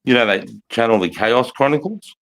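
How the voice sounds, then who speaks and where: A man's voice: medium pitch, lively intonation, normal speed, a bit bright, poor audio. A man, telling a rambling story in casual livestream chat, swearing often and saying mate and bro.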